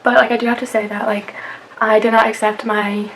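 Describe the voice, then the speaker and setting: A woman's voice: fairly high pitch, level tone, a little fast, a bit bright, poor audio. A young woman vlogging in a casual chat to camera, filling her talk with "like" and "um". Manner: chatty, many fillers and "like". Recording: faint background noise.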